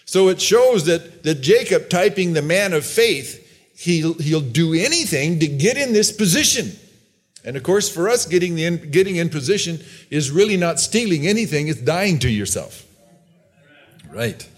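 A man's voice: fairly high pitch, big pitch swings, normal speed, husky. A man preaching a sermon, reading Bible verses aloud and explaining them loosely with restarts. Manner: reads Bible verses aloud and briefly acts out characters' lines.

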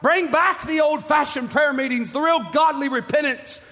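High-voiced man preaching in a reverberant hall. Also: normal speed, a little hiss or hum. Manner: impassioned, pleading, rising to shouts. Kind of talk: fiery sermon.

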